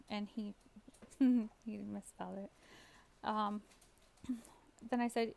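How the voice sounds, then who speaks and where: A woman's voice: mid-range voice, steady tone, takes it slowly, vocal fry, pauses often, a little mellow. A woman teacher casually recounting an online chat, reading out the messages. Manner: reads out chat messages, often laughing. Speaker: teacher telling a story. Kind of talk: casual storytime vlog.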